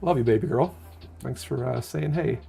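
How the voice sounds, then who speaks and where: A man's voice: mid-range voice, normal speed, gravelly, mellow. A middle-aged man hosting a casual live stream, chatty and openly sentimental, reading viewer comments aloud and answering them. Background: faint lo-fi music.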